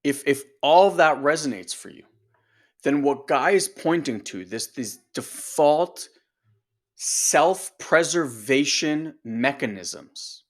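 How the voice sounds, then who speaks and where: A male coach with a slightly high voice, talking straight to his audience. He is emphatic and direct and keeps throwing rhetorical questions at the listeners. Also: animated, slow. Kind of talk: motivational coaching talk.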